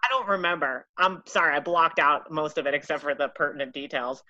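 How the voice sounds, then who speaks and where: A woman telling a casual anecdote in a profane, animated, self-mocking way. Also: low-pitched, brisk, no room sound, muffled recording. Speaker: storyteller.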